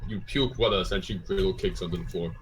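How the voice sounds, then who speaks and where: Rambling low-voiced male game master. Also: fast, noisy background. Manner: rambling, full of fillers and restarts. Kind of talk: narrating a tabletop game.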